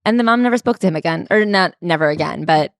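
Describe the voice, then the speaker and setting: A woman co-hosting a casual book club podcast, briskly and wryly summarizing a memoir. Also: lowish voice, animated, dry recording, clean studio sound. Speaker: podcast co-host.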